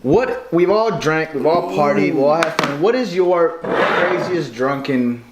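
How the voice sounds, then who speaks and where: A man's voice: on the high side, expressive, a little slow. A young man co-hosting a podcast, telling a rambling drunk story with lots of swearing and laughter. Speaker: podcast co-host. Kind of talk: casual chat. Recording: echoey room with noise.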